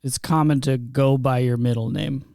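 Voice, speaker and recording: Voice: medium pitch, fairly even intonation, normal speed, mellow, no echo. Dry-voiced podcast host running a quiz. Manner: quizzing, laughs between lines. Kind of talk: casual chat.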